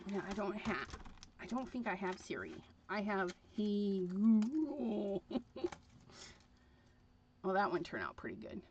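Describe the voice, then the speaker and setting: A woman's voice: mid-range voice, big pitch swings, moderate pace, long pauses, slight background noise. A woman hosting a crafting livestream, chatting casually and rambling with frequent fillers as she works. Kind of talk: casual chat while crafting. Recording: dull lo-fi livestream audio.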